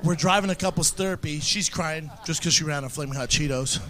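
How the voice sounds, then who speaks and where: A man's voice: a little high, quick pace, heavy background noise. A man in his thirties performing a stand-up comedy set, telling crude, profanity-heavy stories. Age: 30s. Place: stage in front of a live audience.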